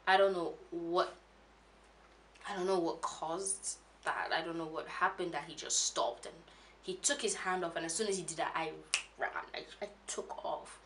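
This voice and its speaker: A young woman telling a painful personal story, halting, with many restarts and fillers, audibly shaken as she recalls it. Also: fairly low pitch, steady tone, fairly bright tone, slight background noise. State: emotional, shaken when recalling. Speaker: vlogger.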